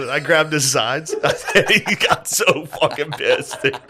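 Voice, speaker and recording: A man's voice: medium pitch, moderate pace, noisy background. A man co-hosting a comedy podcast, telling family stories in a casual, profane way, laughing often and acting out relatives' lines. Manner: animated, swearing, laughs often, acts out family members. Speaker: podcast co-host.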